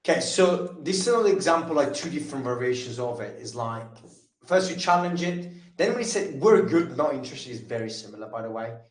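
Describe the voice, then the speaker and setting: A man's voice: mid-range voice, lively intonation, reverberant, rough recording. A man running a casual sales training session, talking loosely with lots of fillers and restarts. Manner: casual, talks fast with many fillers and restarts. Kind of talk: live training session on a call.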